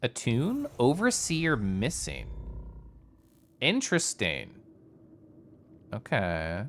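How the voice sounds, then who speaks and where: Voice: medium pitch, wildly swooping pitch, very slow, a little hiss or hum. A streamer giving chatty, playful live commentary while playing a game and joking with chat.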